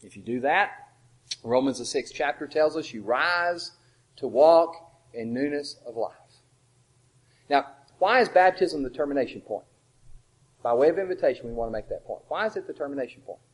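A man preaching a sermon, asking rhetorical questions and swinging between loud emphasis and quiet asides. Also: medium pitch, expressive, moderate pace, pauses often, low-quality recording.

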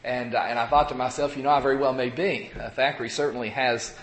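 A man's voice: medium pitch, fairly even intonation, roomy sound. Man in his fifties preaching with a cold. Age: 50s. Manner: halting, many fillers and restarts, folksy. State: recovering from a cold, talking around a cough drop. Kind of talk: evening sermon to a congregation. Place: church sanctuary. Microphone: pulpit microphone.

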